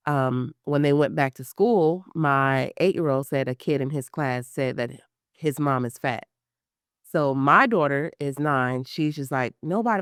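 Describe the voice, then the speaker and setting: Woman in her thirties, smooth clear voice, lively storyteller who acts out quotes, dry close mic. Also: extremely low pitch, no echo. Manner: animated storytelling, acts out quotes, many fillers. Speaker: guest, pre-surgery patient. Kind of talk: emotional personal interview.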